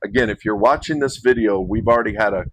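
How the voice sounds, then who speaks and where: Man hosting a retreat, lowish voice, loose rambling talk with restarts. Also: quick pace, a little hiss or hum, rough recording. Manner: rambling, restarts and self-corrections, chuckles. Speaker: men's retreat host. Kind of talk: casual invitation to camera.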